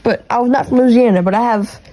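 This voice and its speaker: A woman with a thick Texas country accent hosting her own podcast from her bedroom, talking quickly and rambling with restarts, recorded on earbuds and a phone. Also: a little high, mellow, poor audio. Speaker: podcast host. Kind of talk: casual solo podcast chat. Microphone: AirPods with iPhone recording.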